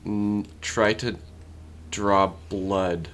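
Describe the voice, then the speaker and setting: Male player, very deep voice, slow, deliberate. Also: steady tone, fairly bright tone, a little hiss or hum. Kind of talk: describing character actions.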